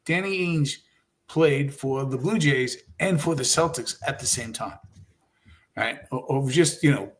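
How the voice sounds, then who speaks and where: A man's voice: medium pitch, a little slow. A middle-aged man co-hosting a podcast, telling stories in casual chat and laughing often. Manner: animated storyteller, laughs often. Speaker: podcast co-host.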